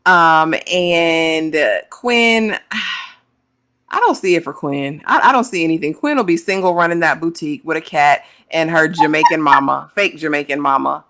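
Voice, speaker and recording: Low bright-toned opinionated woman. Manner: frank, opinionated, drawn-out fillers. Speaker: podcast co-host. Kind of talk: casual TV recap chat.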